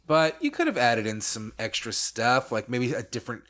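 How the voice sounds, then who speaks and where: A man's voice: medium pitch, big pitch swings, normal speed, a bit bright. A young man co-hosting a casual gaming podcast, rambling with lots of "like" and mock-outraged rants. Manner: rambling, heavy use of "like", mock-outraged ranting. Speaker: podcast co-host.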